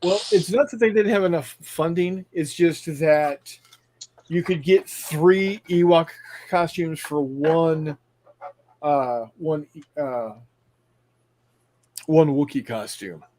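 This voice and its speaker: Halting man, slightly high voice. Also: a little mellow, slight background noise. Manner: halting, restarts often, dry teasing. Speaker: co-host. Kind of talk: casual chat.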